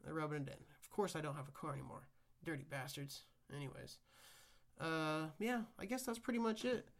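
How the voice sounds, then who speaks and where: A young man talks through his own podcast in a loose, rambling monologue. His voice sits slightly high for a man, and he swears freely as he rants about his week. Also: brisk, creaky. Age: young adult. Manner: profane, rambling, animated ranting. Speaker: podcast host. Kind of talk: casual solo podcast monologue.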